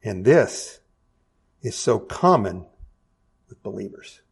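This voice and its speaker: Man preaching, middle-aged pastor, casual sermon, lively rising and falling voice, joking asides. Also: lowish voice, takes it slowly, vocal fry. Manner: conversational preaching with self-deprecating asides and restarts.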